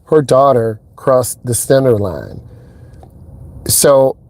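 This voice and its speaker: A man's voice: slow, dry recording. Chatty male driving instructor. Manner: animated storyteller, acts out quotes in a higher voice. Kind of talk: casual vlog talk. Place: inside a car.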